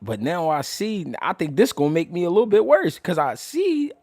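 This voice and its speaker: A young adult man hosting a casual livestream about boxing, talking loudly and animatedly, swearing freely and laughing often. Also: high-pitched, wildly swooping pitch, normal speed. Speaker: boxing commentator and show host.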